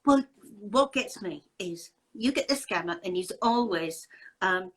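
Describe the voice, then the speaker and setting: A woman's voice: mid-range voice, lively intonation, measured pace, poor audio. A woman hosting a casual video chat, talking in a chatty, emphatic, exasperated way. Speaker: host.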